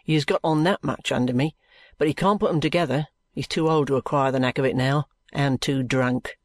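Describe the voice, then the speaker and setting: A reader voicing a sulky, gruff young man who answers in curt, grumbling sentences. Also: mid-range voice, fairly quick, no room sound, lightly acted.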